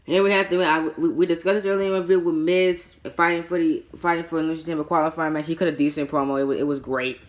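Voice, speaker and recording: A man's voice: a little high, steady tone, racing, few pauses. Man, casual show review, rambling, stammers and repeats words, exasperated rants. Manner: breaks into exasperated mini-rants.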